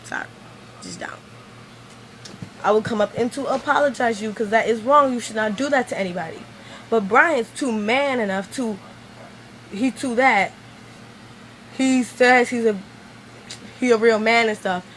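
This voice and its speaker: A woman's voice: fairly high pitch, moderate pace, long pauses, a little hiss or hum, poor audio. A woman venting in a rambling vlog monologue, filling her talk with "like" as she retells an argument. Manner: rambling, venting, heavy use of "like". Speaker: vlogger.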